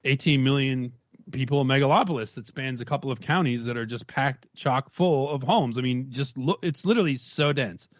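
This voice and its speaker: A man's voice: medium pitch, moderate pace, dry recording, muffled recording. A man talking in casual stream commentary, rambling in long run-on thoughts with frequent restarts. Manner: rambling, discursive, many restarts.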